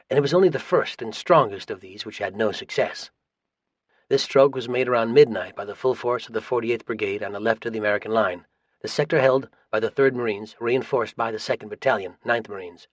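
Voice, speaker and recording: A man narrating a military history audiobook in a measured, steady reading voice. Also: on the low side, dry recording. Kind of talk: scripted narration.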